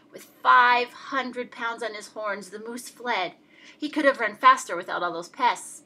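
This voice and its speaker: A woman reading a rhyming picture book aloud in a lively, expressive, sing-song way. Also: mid-range voice. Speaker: storyteller.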